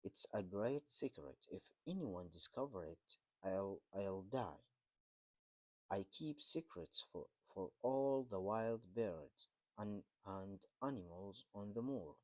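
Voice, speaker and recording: A man reading the part of a friendly country boy who speaks gently. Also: on the low side, expressive, slow pace, no room sound. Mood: gentle. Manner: gentle, warm.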